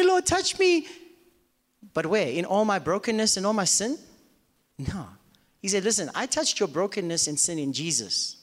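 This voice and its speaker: Before a live congregation in a church auditorium, a male pastor preaches a sermon, firing rhetorical questions and acting out the listeners' doubts in quoted voices. His voice is high-pitched and fairly bright, and the hall is reverberant.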